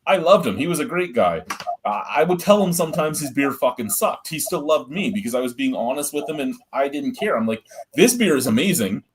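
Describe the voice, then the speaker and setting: A man's voice: mid-range voice, expressive, a little fast, crowd noise. A middle-aged man hosting a beer review show, telling stories in a blunt, profane, rambling way. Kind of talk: casual storytelling chat.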